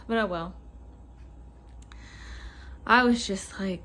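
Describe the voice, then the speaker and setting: A young woman vlogger telling a work story in a casual, animated rant, swearing and acting out what callers said. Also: mid-range voice, slow pace, long pauses.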